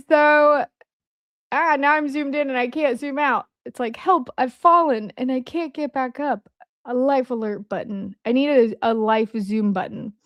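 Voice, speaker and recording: A woman's voice: fairly high pitch, no room sound, clean studio sound. A woman with a Midwestern American accent hosting a casual livestream, chatting and joking with her viewers. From Midwest of the United States. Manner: chatty, joking asides to chat. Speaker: livestream host.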